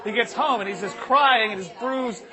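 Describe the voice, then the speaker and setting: A man's voice: very high voice, moderate pace, crowd noise. A young man telling a long comic story to a live audience, rambling with lots of fillers.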